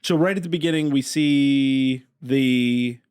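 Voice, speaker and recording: A man's voice: mid-range voice, slow, a little mellow, clear, resonant tone, dry recording, clean studio sound. A man co-hosting a podcast in casual chat, joking and a little profane. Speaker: podcast co-host.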